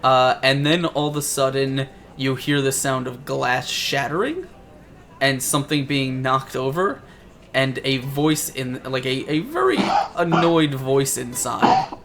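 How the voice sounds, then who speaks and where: A man's voice: medium pitch, animated, measured pace, background noise. A man narrating as game master for a tabletop game, rambling and searching for words as he describes scenes.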